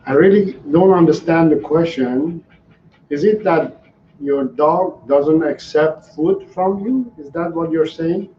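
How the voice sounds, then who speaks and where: A man's voice: a little high, slow pace, a little hiss or hum. Guy dog trainer doing live q&a, earnest and repetitive, echoey room, kinda muffled audio. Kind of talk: live Q&A answering viewer questions. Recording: roomy, slightly dull livestream audio.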